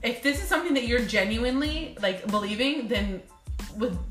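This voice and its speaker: A woman chatting casually, telling animated stories about her calls, laughing often and acting out the people she talks to. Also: on the high side, moderate pace, reverberant, faint music behind. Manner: animated storyteller, laughs a lot, acts out callers. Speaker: guest telling work stories. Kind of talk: casual chat.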